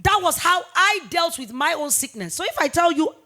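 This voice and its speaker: A woman in her forties, a business founder talking in a fireside chat interview, emphatic and animated, repeating points for weight. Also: extremely high pitch, moderate pace. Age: 40s. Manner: emphatic, animated storytelling with repetitions.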